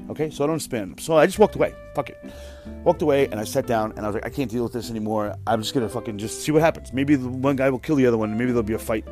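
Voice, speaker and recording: A man in his thirties rants through a work story on his podcast, cursing freely and sounding fed up. He talks at a rapid clip. Faint guitar music plays softly under his voice. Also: medium pitch. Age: 30s. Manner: profane, exasperated, mimics other people's voices. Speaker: podcast host. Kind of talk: casual storytelling rant.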